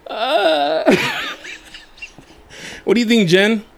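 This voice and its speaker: A man's voice: very high-pitched, animated, drawn-out words, gravelly. A man co-hosting a podcast in casual chat, joking and laughing often, dropping in Spanish words. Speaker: podcast co-host.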